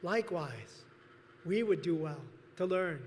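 A man preaching a sermon as pastor, earnest, pausing and restarting as he speaks, in a church sanctuary. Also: high voice. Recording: long hall reverb.

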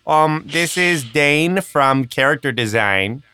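A man's voice: expressive, slow, sharp tone, clear, resonant tone, no echo, full character voice. Man doing a folksy Minnesotan character designer. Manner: folksy, rambling pitch. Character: chipper male company character designer.

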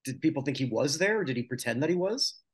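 A man co-hosting a casual podcast chat, reading out lists of names with quick asides. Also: mid-range voice, animated, breathy edge. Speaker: podcast co-host.

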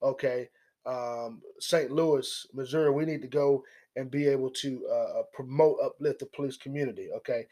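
A man hosting a political commentary monologue, animated and mocking, often repeating his words. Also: medium pitch, moderate pace. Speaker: commentary host.

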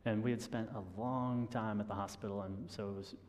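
A man preaching a sermon in a relaxed conversational way, chuckling at his own stories and often restarting his sentences. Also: on the low side, fairly quick, in a large hall, slight background noise. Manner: conversational, self-deprecating with chuckles and repeated restarts. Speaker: pastor.

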